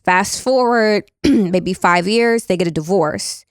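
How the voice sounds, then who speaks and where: This woman in her thirties co-hosts a relaxed podcast, telling stories in a blunt, easygoing way packed with filler words. She speaks slowly in a mid-range voice with a clean tone, captured dry with studio quality.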